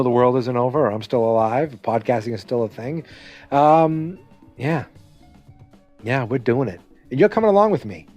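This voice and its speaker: A man's voice: mid-range voice, warm tone. A man hosting a solo podcast in a loose, upbeat, rambling way that keeps correcting itself. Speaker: podcast host.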